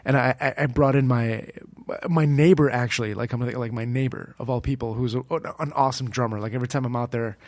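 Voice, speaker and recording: A man's voice: medium pitch, steady tone, brisk, hardly any pauses, no echo. A man chatting casually as a guest on a podcast, rambling through his thoughts with constant fillers and restarts. His voice sits in a middle register and sounds dry and close, with almost no room around it. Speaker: podcast guest, music producer. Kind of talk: casual chat.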